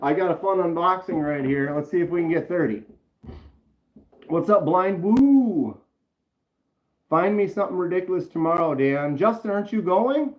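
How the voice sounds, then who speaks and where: A man's voice: sits high, expressive, moderate pace, long pauses. A man casually chatting on a live stream, rambling and greeting viewers from the chat by name. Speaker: knife channel live streamer. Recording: roomy, slightly dull sound.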